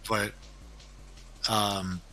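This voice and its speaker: Male podcast co-host, bright tense tone, rambling casual recap. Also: fairly low pitch, flat delivery, drawn-out words. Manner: rambling, full of fillers and quoted voices. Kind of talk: casual chat recapping a cartoon.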